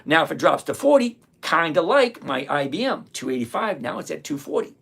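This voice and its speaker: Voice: mid-range voice, very animated, brisk, creaky, fairly bright tone, husky. An older, retired investing host on a live stream, talking casually to viewers, reading their comments aloud and answering them bluntly and sarcastically, often repeating phrases for emphasis.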